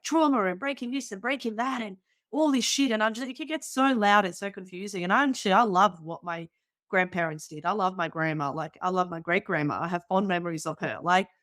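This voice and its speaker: A woman's voice: mid-range voice, a bit bright, no echo. Host: woman, frank and profane, casual, filler-heavy, dry close mic. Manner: frank, swears freely, quick repeated fillers. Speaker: podcast host. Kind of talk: casual conversation.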